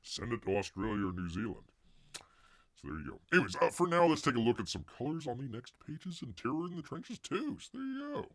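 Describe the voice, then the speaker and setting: A man's voice: mid-range voice, big pitch swings, fairly quick, fairly bright tone. Rambling man hosting a live stream. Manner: rambling, jokey, calls himself Bear in the third person; mutters asides under his breath. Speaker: host of a comics news live stream. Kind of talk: casual live-stream chat.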